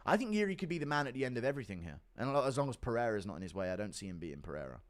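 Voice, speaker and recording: Blunt streamer reading donation messages, pitch jumping all over. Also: male voice, big pitch swings, very fast. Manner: blunt, crude, offhand. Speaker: livestream host. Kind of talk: casual chat reading donations.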